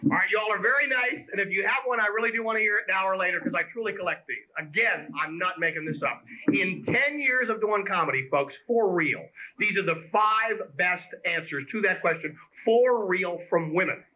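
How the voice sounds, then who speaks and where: Onstage at a comedy club, a stand-up comic from Pennsylvania runs his set in a high, animated voice, a little fast and hardly pausing. He's conversational and punchy, teasing the crowd as audience laughter rolls through the lo-fi club recording.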